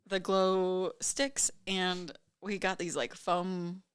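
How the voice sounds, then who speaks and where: A woman with a somewhat low voice co-hosts a relaxed podcast chat. She chimes in often, laughs easily and keeps the back-and-forth going. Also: slow pace, clean tone, no room sound, clean studio sound. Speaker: podcast co-host. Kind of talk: casual chat.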